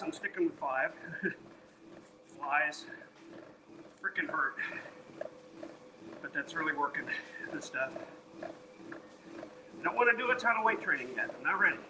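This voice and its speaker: A man with a fairly high voice talks casually on a live stream while walking on a treadmill. He sounds tired and sweaty, reads viewers' messages aloud and banters between workout numbers. A steady background noise runs under his voice. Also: measured pace, pauses often. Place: home, on a treadmill.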